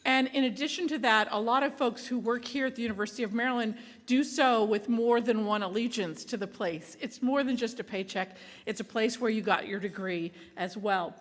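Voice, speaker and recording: A woman's voice: fairly high pitch, fairly quick, few pauses, long reverb tail. A woman hosting an awards ceremony, talking to the room in a playful, jokey, chatty way. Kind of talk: live ceremony remarks. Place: large event hall.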